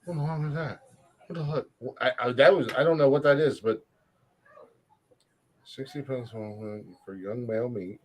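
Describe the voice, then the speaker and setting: A man's voice: mid-range voice, a little slow, pauses often. A man co-hosting a comedy podcast, chatting crudely and rambling with frequent laughs. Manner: profane, rambling, laughs often. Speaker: podcast co-host. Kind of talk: crude casual comedy chat.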